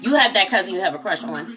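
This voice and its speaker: A woman hosting a casual late-night livestream, chatty and talking straight to her viewers as y'all. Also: mid-range voice. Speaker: livestream host.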